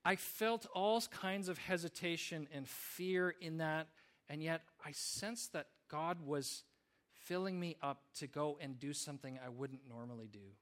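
A man's voice: a little high, unhurried, a bit bright. A man preaching a sermon, telling stories in an earnest way with small restarts. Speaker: pastor.

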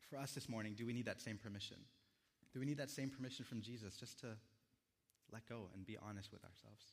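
A young man preaching a sermon as a pastor, in a gentle, reflective storytelling manner with quiet pauses. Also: lowish voice, gravelly, big-room sound.

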